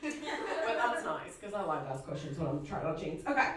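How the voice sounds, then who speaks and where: A woman's voice: deep voice, big pitch swings, moderate pace, fairly bright tone. A woman performing a stand-up comedy set on a live stage, chatty and full of laughing asides. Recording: echoey room from a distance, audience.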